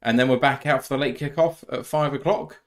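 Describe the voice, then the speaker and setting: Guy hosting a live fan stream, reads chat out loud, joking around, mid pitch. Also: steady tone, brisk. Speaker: podcast co-host.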